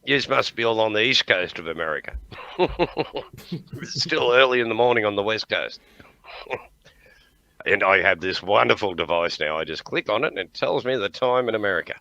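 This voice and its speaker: Gravelly Australian livestream host. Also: male voice, on the low side, animated, normal speed, long pauses, sharp tone, muffled recording. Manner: rambling, jokey, laughs often. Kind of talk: casual chat.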